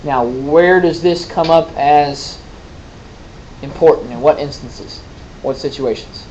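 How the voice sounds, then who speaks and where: A man's voice: on the high side, slow, darkish tone, dull audio, a little hiss or hum. A man teaching a class, explaining and quizzing students in a conversational way with folksy asides. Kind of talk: classroom lecture with questions.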